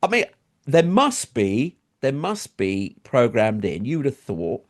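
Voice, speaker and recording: A man co-hosting a casual podcast discussion, talking expressively about technology. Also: measured pace. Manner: expressive, swings his pitch up and down. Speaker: co-host.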